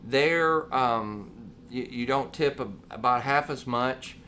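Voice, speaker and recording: A man's voice: medium pitch, slow pace, sharp tone, slight background noise. A man, co-hosting a casual talk show and telling long stories full of quoted dialogue. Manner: rambling, storytelling with quoted dialogue. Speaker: podcast co-host. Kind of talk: casual chat.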